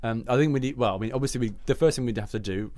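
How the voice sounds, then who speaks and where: A man's voice: medium pitch, rapid-fire, darkish tone, dry recording. A man reading out and joking about comic blurbs in a casual chat, rambling and often laughing. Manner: giggly, rambling, slips into silly accents. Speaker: podcast co-host.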